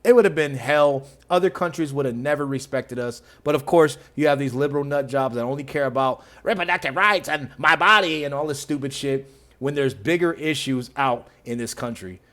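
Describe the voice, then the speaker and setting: A man's voice: mid-range voice, fairly quick, a bit bright. A man hosting a reaction video who mocks the clips with sarcasm and frequent laughter. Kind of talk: reaction commentary.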